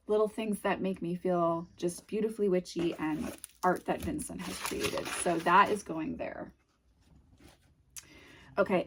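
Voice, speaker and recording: Gushing dreamily as she unboxes something, a woman who hosts tarot videos talks casually in a New England accent, frequently trailing off into quiet murmurs. Her voice sits at medium pitch.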